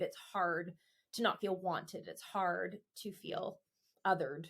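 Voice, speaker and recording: Calm woman hosting a podcast. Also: fairly low pitch, takes it slowly, creaky, slightly rough, no room sound, studio quality. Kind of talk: conversational interview.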